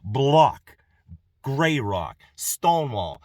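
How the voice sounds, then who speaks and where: A man's voice: medium pitch, sing-song, very slow, no room sound, clean studio sound. A middle-aged man delivering an emphatic personal monologue to camera, piling up rhetorical questions and repeating himself for effect. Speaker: vlogger.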